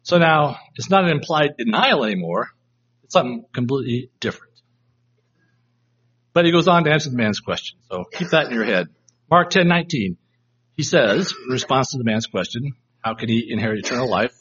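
A man's voice: mid-range voice, animated, a little fast, fairly bright tone, breathy edge. A man teaching a Bible study class, reflective and reading verses aloud to try out different inflections, in a dull lo-fi recording. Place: room with a live class.

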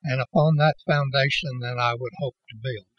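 Male preacher, slow and deliberate, slightly husky, dry close sound. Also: mid-range voice, fairly even intonation, dry recording, lo-fi sound. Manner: slow and halting, with many restarts, leaning on certain words. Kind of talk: sermon.

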